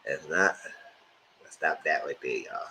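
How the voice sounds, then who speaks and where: A man hosting a live show, giving animated, opinionated commentary on reality TV and talking straight to his viewers. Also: rumbling low, measured pace, slight background noise. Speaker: host reviewing reality TV.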